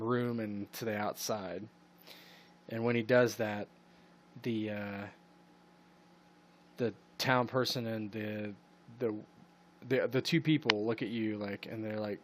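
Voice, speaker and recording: A man's voice: on the low side, a little hiss or hum. A man running a tabletop role-playing game as game master, describing scenes in a loose, rambling way with lots of hesitations. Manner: rambling, full of ums and "you know".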